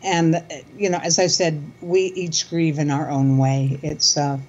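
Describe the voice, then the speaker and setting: An older woman speaks calmly and steadily, shaping her sentences with care. Her voice comes through dull and muffled, as if from a low-grade line. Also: a little slow. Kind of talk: casual conversation.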